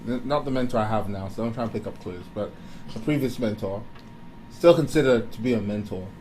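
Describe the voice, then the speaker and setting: A man giving a candid motivational talk, animated and confessional, often breaking into laughter. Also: on the low side, fairly quick, slight background noise, low-quality recording. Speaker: speaker.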